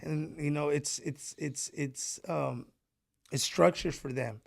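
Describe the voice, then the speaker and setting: A man's voice: on the high side, steady tone, slow, vocal fry, no echo, studio quality. A man from Mexico, a podcast guest, telling stories casually with plenty of swearing and "bro". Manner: profane, emphatic, says "bro" often. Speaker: entrepreneur guest.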